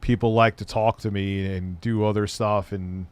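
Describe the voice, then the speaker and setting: A man's voice: fairly low pitch, level tone, normal speed, clean tone. A middle-aged man hosting a live stream, chatting loosely and rambling, with casual swearing. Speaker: streamer host.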